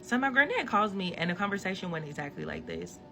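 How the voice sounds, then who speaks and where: Animated storytelling woman, bright voice. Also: medium pitch, fast talker, faint music behind. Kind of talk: storytime to camera.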